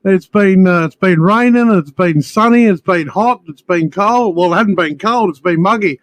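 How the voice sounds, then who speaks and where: A chatty Australian man rambles along, tripping over his words, repeating himself and dropping "mate" every few lines. His voice sits a little high for a man, and the sound is dry and close. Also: moderate pace, dry recording. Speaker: guest caller. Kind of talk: casual chat.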